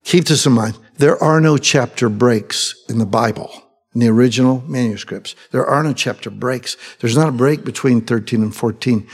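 A man preaching from the pulpit with fervent emphasis, his voice carrying a long reverb through the hall. His pitch sits in an ordinary middle range for a man. He swings from pressing, heated lines to soft, quiet ones. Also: husky. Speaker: pastor. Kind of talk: sermon.

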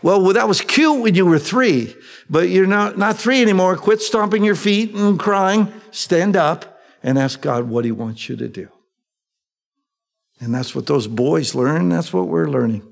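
A male preacher giving a sermon. He reads scripture with rising excitement and adds folksy asides. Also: sits high, unhurried, vocal fry, faint music behind. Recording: long echoey hall reverb.

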